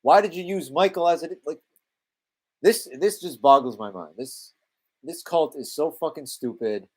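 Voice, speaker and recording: A man's voice: on the high side, moderate pace, darkish tone. A man with a Canadian accent giving exasperated, sarcastic live commentary over a film, swearing freely. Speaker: movie commentary live-streamer.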